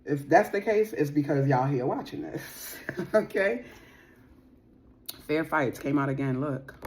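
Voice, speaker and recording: A woman's voice: low-pitched, expressive, unhurried, darkish tone, slight background noise. A woman giving a casual tarot reading to her viewers. She talks in a chatty, slangy, playful way and laughs often. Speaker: tarot reader.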